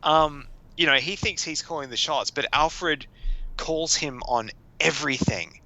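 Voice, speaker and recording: A man's voice: fairly high pitch, a little slow, sharp tone, poor audio. A man co-hosting a podcast, chatting casually, laughing often and acting out quotes. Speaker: podcast co-host. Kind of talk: casual chat.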